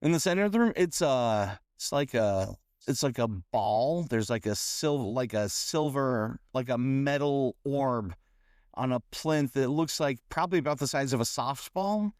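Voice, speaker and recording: A man narrates a tabletop game as game master, feeling his way through descriptions with restarts. His voice sits at an ordinary pitch. The recording is dry and close. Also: animated, no echo. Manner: halting, many fillers and restarts while describing.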